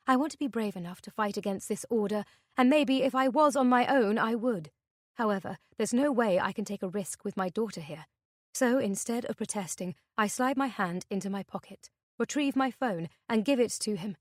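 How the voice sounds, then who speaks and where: A woman reading a thriller audiobook in the first person, with a tense, measured delivery. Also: mid-range voice, dry recording, studio quality. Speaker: audiobook narrator. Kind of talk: scripted narration.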